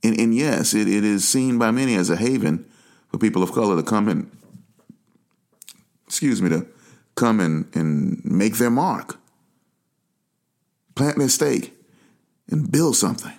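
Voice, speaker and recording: A man from Atlanta speaks in an impassioned monologue, his voice gravelly and rough-edged. His pitch swings widely as he presses his points with emphatic, preachy force. He sounds like a talk show host making his case directly to the listener. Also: expressive, unhurried, pauses often, a little mellow. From Atlanta, USA. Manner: passionate, emphatic, preachy asides. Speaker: podcast host.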